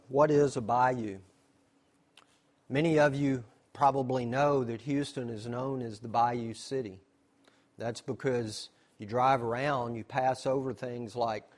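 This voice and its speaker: Man, average pitch, slideshow lesson, explanatory. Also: a little mellow. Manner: explanatory, asks questions then answers them. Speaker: nature center staff presenter. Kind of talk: slideshow presentation.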